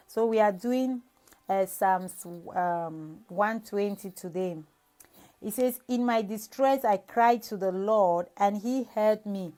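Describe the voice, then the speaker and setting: A woman's voice: mid-range voice, slow pace, warm tone. A young adult woman evangelist giving a devotional sermon, reading scripture and sharing an earnest personal testimony with many restarts.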